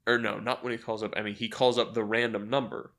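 Low-voiced man pitching a story. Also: level tone, creaky, a bit bright. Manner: acts out characters in quick quoted voices, laughs often. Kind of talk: casual brainstorming chat.

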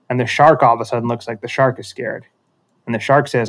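A man's voice: medium pitch, fairly even intonation, fast talker. A man telling a metaphorical story in a casual conversation, reflective and self-deprecating, often restarting sentences.

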